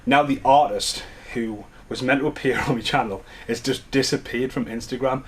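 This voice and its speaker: A man's voice: medium pitch, normal speed, slightly rough. A man giving a casual, rambling unboxing chat at home as a collector vlogger, with enthusiastic asides.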